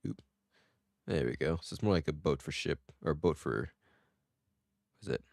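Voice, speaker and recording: A man's voice: a bass voice, animated, moderate pace, gravelly, long pauses, a little mellow, no room sound. A man giving rambling, self-joking let's-play commentary into a close desk mic. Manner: rambling, joking, laughs at himself. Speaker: gameplay streamer.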